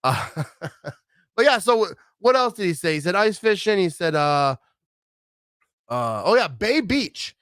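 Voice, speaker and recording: A man's voice: high-pitched, unhurried, pauses often, no room sound, studio quality. A middle-aged man from Wisconsin rambling casually in a vlog, acting out what others said. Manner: rambling, animated, acts out quoted voices. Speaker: vlogger.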